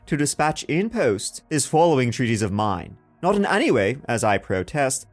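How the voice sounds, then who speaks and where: A stately, self-important king declaiming an old decree in a put-on posh English accent, as a podcast host puts him on. The voice swings widely in pitch, and the delivery is grand and old-fashioned. Faint music plays behind. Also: a little mellow, close to an everyday voice. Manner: grand, solemn, archaic delivery. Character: pompous old-time male king reading a proclamation.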